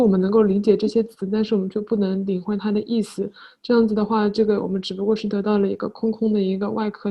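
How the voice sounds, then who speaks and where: Mellow-voiced woman interpreting. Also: mid-range voice. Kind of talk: consecutive interpreting.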